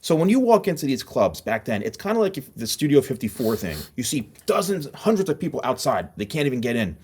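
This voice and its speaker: A middle-aged man from New Jersey telling club stories as a podcast host, animated and acting out voices in his anecdotes. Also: medium pitch, fast, slightly rough. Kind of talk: casual storytelling chat.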